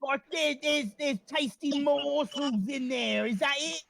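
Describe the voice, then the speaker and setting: A man's voice: very high voice, steady tone, a little slow, creaky, a bit bright, slight background noise, voice pushed up, exaggerated voice. A man voicing a cheeky male rat leader, brash and stammering. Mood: excited.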